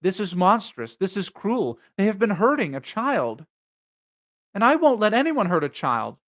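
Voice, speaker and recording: A man's voice: high voice, big pitch swings, unhurried, voice pushed up, exaggerated voice. A man reading a ghost story aloud, voicing a frightened young woman who forces herself to be defiant. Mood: indignant. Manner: tense, building to defiant shouting. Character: frightened young woman steeling her nerve.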